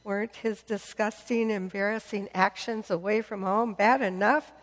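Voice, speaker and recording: A woman's voice: medium pitch, steady tone, moderate pace, long reverb tail, voice pushed down, natural voice. A woman voicing a dutiful older brother who protests with righteous indignation. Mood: indignant.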